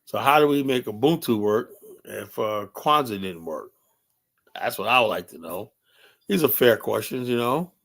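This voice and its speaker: A man's voice: fairly low pitch, expressive, normal speed, creaky, a bit bright. A man with hosting a show, talking in a blunt, rambling, profane way and stopping to ask his co-host whether he agrees. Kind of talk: casual opinionated monologue.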